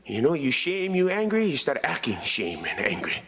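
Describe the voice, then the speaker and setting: A man's voice: on the high side, normal speed. A man in his thirties with a Hawaiian Pidgin accent, giving a keynote speech and telling stories about himself in a joking way. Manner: joking, storytelling, lively. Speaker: keynote speaker. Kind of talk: storytelling speech. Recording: reverberant hall.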